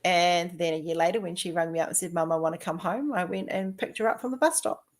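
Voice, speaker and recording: A woman in her fifties chatting casually, telling lively personal stories and acting out what people said. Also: on the low side, quick pace. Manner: chatty, animated storytelling, acting out quoted dialogue.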